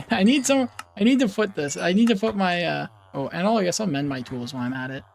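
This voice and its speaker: A streamer chats casually while playing a game, giggling, rambling and making playful animal noises between thoughts. The voice is medium-pitched, animated, brisk and gravelly.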